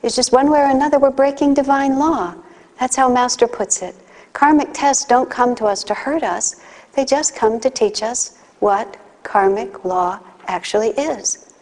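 A woman's voice: sits high, moderate pace, a little mellow. Woman giving a spiritual talk in a hall. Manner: conversational, with acted asides and anecdotes. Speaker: spiritual teacher. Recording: long hall reverb.

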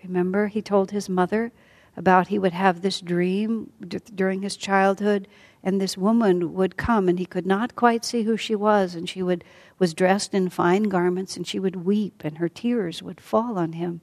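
A woman teaching a class as a storyteller, speaking softly and often sinking to a near whisper. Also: medium pitch, fairly even intonation, moderate pace. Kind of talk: storytelling lesson.

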